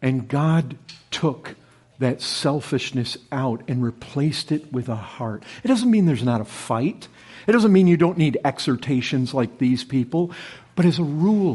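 Husky-voiced man preaching a fervent sermon. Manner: swings from loud emphatic peaks to low hushed lines, often says "brethren". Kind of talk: expository sermon.

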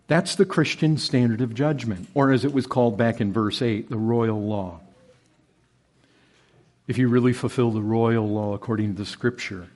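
A man preaching an expository sermon, swinging from loud emphatic peaks to low hushed lines and often calling out "brethren".

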